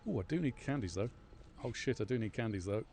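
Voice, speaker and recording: A man gives live gameplay commentary with a gravelly, creaky voice that leaps around in pitch. He swears freely and chats with his viewers as he plays, over steady background noise from the game. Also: fast. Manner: excitable, swears often, chats to viewers while playing. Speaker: game streamer.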